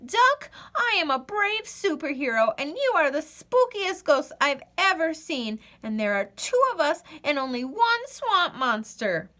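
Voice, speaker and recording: A panicky little male goose in a superhero cape, as a woman reads him aloud. His voice is high and bright, and he blurts every line in alarm. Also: big pitch swings, measured pace, hardly any pauses, exaggerated voice. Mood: brave. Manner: panicky, exclaiming.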